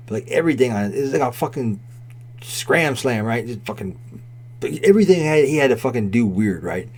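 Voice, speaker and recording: A man's voice: medium pitch, darkish tone, husky. A man in his forties telling a rambling, profanity-laden story in a casual way, with constant "right?" and "like". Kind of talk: casual spoken anecdote.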